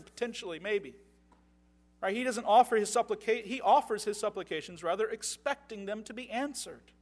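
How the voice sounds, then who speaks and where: A man's voice: sits high, fairly bright tone. A man preaching a sermon, reading scripture passages aloud with rising force and often checking in with "right?".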